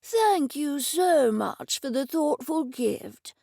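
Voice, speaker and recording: A woman doing a slow, quavering old deaf man. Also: sits high, animated, vocal fry, dark tone, dry recording, studio quality, pitched above the performer's own voice, heavily acted. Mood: doddering.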